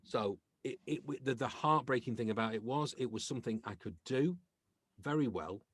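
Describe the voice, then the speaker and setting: Middle-aged Englishman telling lively stories. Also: mid-range voice, moderate pace, no room sound. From England. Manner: lively storyteller who acts out quoted voices. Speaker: guest, comedian and actor. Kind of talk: casual anecdotal chat.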